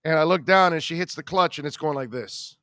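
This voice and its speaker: A man hosting a talk radio show, telling a rambling, animated personal story in casual conversation. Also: a little high, brisk, clear, resonant tone, no echo.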